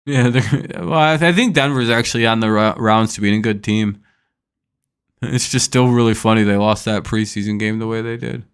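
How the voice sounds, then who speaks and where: A man's voice: lowish voice, normal speed, smooth. A young man hosting a casual live stream, first reading news, then ranting in an irritated, profane way at a viewer in the chat. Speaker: streamer host.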